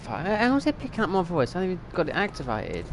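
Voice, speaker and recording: A middle-aged male streamer talks fast in a high voice with huge swings in pitch, rambling and thinking aloud through casual commentary on a game and swearing at it now and then. There's noise in the background.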